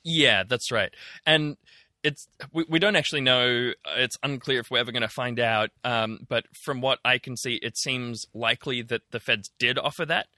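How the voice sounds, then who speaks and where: Bright-voiced man, dry mic. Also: medium pitch, normal speed, no room sound. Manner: chatty, sarcastic, hesitant with ums. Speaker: podcast co-host. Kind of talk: casual news chat.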